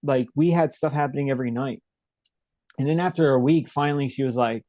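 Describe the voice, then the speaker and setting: A man's voice: medium pitch, fairly quick, warm tone, no room sound, dull audio. A young man as an interview guest, telling a story in a rambling, casual way with many fillers and restarts.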